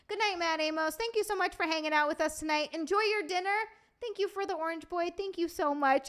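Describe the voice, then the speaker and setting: A woman hosting a casual livestream, chatting with viewers and reacting to their comments in an animated, swearing, joking way. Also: very high-pitched, fast. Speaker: streamer host.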